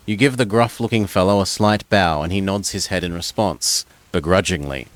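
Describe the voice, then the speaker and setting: A man's voice: low voice, normal speed, few pauses, dry recording. Man reading a gamebook, dry close sound. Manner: second-person narration with stumbles and casual asides. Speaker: gamebook reader.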